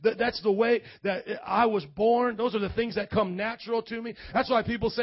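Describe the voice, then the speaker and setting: A male pastor preaching a sermon in a loud, colloquial way, often rising to shouts and calling out to the congregation. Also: high-pitched, steady tone, brisk, few pauses, dry recording. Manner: casual, colloquial preaching with call-and-response asides. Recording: dull lo-fi audio.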